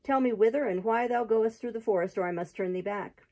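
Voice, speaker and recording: A woman's voice: a little high, a little fast, a little mellow, dull audio, close to an everyday voice. A woman reading aloud, voicing a confident, good-humored male outlaw leader in a storybook. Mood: stern.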